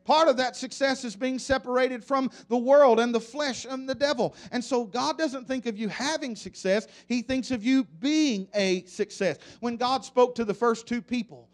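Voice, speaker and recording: A man's voice: very high voice, normal speed, few pauses. A man preaching a sermon in church, leading the congregation in repeated call-and-response refrains.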